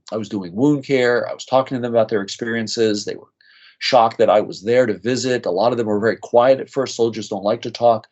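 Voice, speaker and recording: A man's voice: mid-range voice, a little mellow. Earnest man telling emotional stories. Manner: earnest, emotional storytelling with many restarts. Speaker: nurse practitioner guest. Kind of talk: storytelling in a podcast interview. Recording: slightly dull lo-fi audio.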